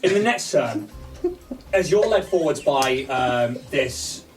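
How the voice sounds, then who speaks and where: A man's voice: mid-range voice, lively intonation, takes it slowly, roomy sound, far from the mic, soft background music. A man, narrating a tabletop game as game master in a casual, rambling way full of fillers.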